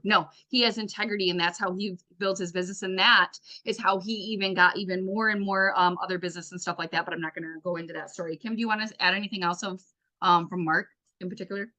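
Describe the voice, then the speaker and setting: A woman's voice: mid-range voice, steady tone, fast, bright, forceful tone. A woman team leader giving a chatty recap to her team, full of fillers, acting out what others said. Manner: chatty, lots of fillers, acts out quotes. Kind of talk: casual recap talk to team.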